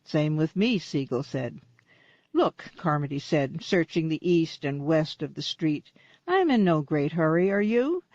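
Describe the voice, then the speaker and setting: A woman's voice: sits low, measured pace, no room sound, dull audio. Woman narrating a mystery audiobook. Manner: steady storytelling, lightly voicing characters. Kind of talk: scripted narration.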